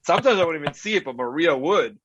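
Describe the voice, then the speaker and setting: A man hosting a podcast, chatting casually and telling lively stories, acting out other people's lines. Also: on the high side, fast, slight background noise. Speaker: podcast host. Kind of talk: casual storytelling chat. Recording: dull, dry-sounding audio.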